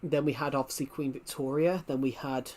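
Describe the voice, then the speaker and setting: A man's voice: medium pitch, fairly even intonation, a little fast, a little mellow. A young man with a working-class southwest England accent, chatting casually on a live stream, rambling and repeating himself as he reads the chat aloud.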